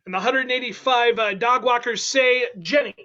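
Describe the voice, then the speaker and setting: A man hosting an online improv comedy game, playful and quick, with laughing asides. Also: very high-pitched, bright, forceful tone, muffled recording.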